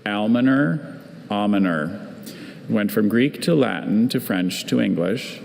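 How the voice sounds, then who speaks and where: Gravelly-voiced man pronouncing spelling words. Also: on the low side, a little mellow. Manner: measured, patient, reads definitions carefully. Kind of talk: reading word information aloud. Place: large competition hall. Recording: hall reverb, faint ambience.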